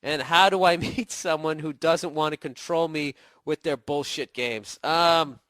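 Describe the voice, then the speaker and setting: A man's voice: on the high side, fairly even intonation, measured pace, fairly bright tone, no room sound, clean studio sound. Blunt, swearing man with a cold. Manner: blunt, swearing, sarcastic asides. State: getting over a cold, voice cracking. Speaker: podcast host answering a listener email. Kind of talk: casual profane comedic rant.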